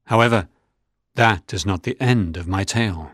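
A man narrating a storybook in a measured, even reading. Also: lowish voice, breathy edge, no echo, clean studio sound.

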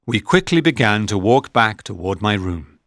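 Male storybook narrator, measured and plain, low pitch, dry close audio. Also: lively intonation, fairly bright tone, dry recording.

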